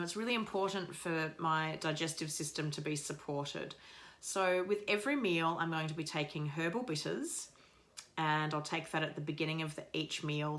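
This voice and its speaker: Low-pitched woman in her thirties, from Australia, upbeat vlog chat to camera. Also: fairly bright tone. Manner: chatty and upbeat, addresses viewers directly. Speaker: vlogger. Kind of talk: casual video diary.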